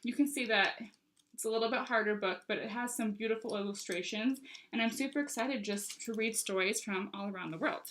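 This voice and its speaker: A woman's voice: on the high side, fairly quick, fairly bright tone, slight background noise, rough recording. A young woman who shows off books to camera in a casual, gushing and enthusiastic way. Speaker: book consultant showing books. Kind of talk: casual product show-and-tell.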